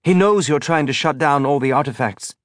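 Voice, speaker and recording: A man speaks a little fast in a voice on the high side, pitched above his own yet close to an everyday voice, as he plays a frightened, determined young woman talking urgently. The clean studio recording has no room sound.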